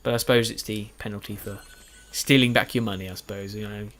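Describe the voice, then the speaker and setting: Speaking at a quick pace, a man with a somewhat low, steady, slightly bright voice narrates a video game for his YouTube gaming audience. The commentary was recorded afterward, late at night, and he sounds tired, yawning now and then. He meanders, belittles himself, and keeps restarting and using fillers.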